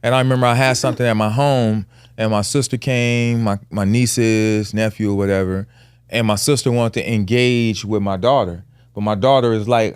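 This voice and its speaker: A man's voice: lowish voice, fairly even intonation, moderate pace, smooth, dry recording, clean studio sound. A man hosting a podcast, talking casually and growing emphatic and heated as he tells a story. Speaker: podcast host.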